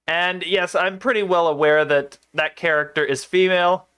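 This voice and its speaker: A man's voice: fairly high pitch, steady tone, normal speed, hardly any pauses, fairly bright tone, clear, resonant tone. Wry young man commenting on gameplay. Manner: sarcastic, wry asides. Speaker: let's play commentator.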